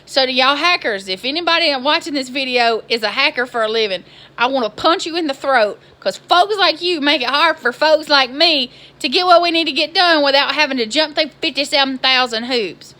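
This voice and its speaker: A woman, telling a story in an exasperated, animated vlog style. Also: high voice, brisk. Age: 20s. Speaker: vlogger.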